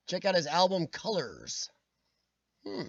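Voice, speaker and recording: Livestream host, a man with a high, nasal, worn voice that cracks at times, joking to chat over a dull, dry webcam. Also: a bit bright, breathy edge, no room sound. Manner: rambling, jokey, laughs often. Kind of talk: casual chat.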